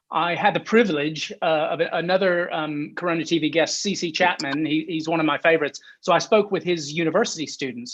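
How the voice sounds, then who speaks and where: A male guest on a video call, telling self-deprecating stories in casual panel chat. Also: fairly high pitch. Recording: dull lo-fi audio.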